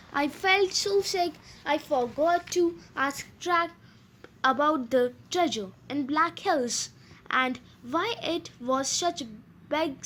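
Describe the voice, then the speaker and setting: Woman narrator, children's audiobook, slow and hesitant, high voice. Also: a bit bright, slight background noise. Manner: hesitant, with fillers and slips. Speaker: audiobook reader.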